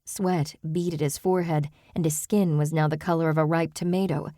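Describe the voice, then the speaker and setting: A woman reads a cozy mystery audiobook in an even, measured way. Her voice sits low and mellow. The recording is dry and close. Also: dry recording. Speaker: audiobook narrator. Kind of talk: scripted narration.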